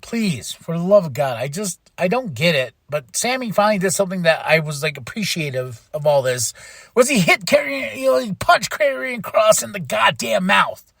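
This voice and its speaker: A man's voice: high-pitched, very animated, moderate pace, vocal fry, a bit bright, no room sound, clean studio sound. A man hosting a podcast, recapping wrestling in casual, profane chat and mimicking wrestlers as he goes. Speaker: podcast host.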